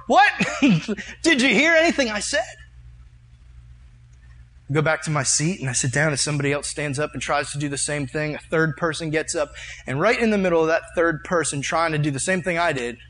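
A man preaching a sermon, telling a personal story with fervent, animated delivery and leading a prayer. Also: a little high, fast talker.

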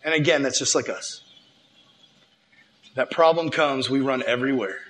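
A man's voice: mid-range voice, moderate pace. A young man giving a casual, slangy sermon, retelling a scripture story and acting out the characters' lines. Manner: animated, slangy, acts out the characters. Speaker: preacher.

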